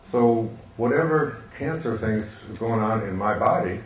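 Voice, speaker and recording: An older man telling a story on stage in a gentle, reflective way, pausing with fillers. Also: on the low side, lively intonation. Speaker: speaker on stage. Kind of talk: storytelling talk. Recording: echoey hall, faint hiss.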